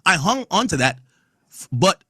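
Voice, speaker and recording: A man's voice: high-pitched, very animated, normal speed, a bit bright, husky, no room sound, clean studio sound. A man hosting a podcast, reading court testimony aloud and riffing on it in blunt, profane casual commentary. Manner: blunt, profane, reads quotes aloud and riffs on them. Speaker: podcast host.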